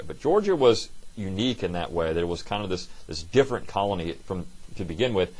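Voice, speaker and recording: A man's voice: low voice, slightly rough. A man giving a recorded college history lecture in a conversational way, with frequent fillers and restarts. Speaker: history instructor.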